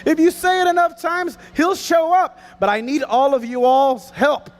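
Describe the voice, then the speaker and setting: High-voiced playful kids' show host. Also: male voice, fairly even intonation, normal speed. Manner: playful, hammy, crowd-rousing. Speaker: children's show presenter. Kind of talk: energetic kids' stage show. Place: outdoor festival stage.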